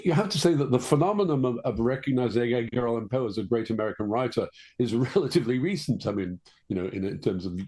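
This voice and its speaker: An older man with a Liverpool accent, a guest author telling stories in a measured, reflective way during an interview. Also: mid-range voice, expressive, a little mellow. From Liverpool, England. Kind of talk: conversational interview.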